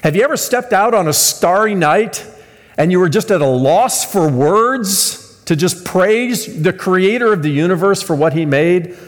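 Man, American, preaching, animated storytelling, long hall echo. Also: sits high, a little slow. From United States. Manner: storytelling, animated with shouted punchlines. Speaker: pastor. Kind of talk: sermon.

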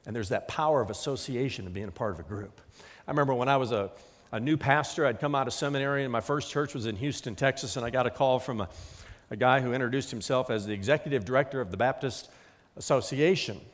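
A man's voice: medium pitch, quick pace, big-room sound. A middle-aged man preaching a sermon as a pastor, emphatic and acting out quotes.

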